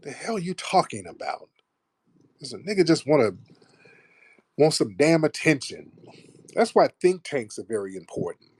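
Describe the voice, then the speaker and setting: A man's voice: a little high, very animated, moderate pace, long pauses, breathy edge. A man hosting a call-in live stream, ranting and mocking callers in a profane, combative way. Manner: loud mocking rant, profane. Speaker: live-stream show host.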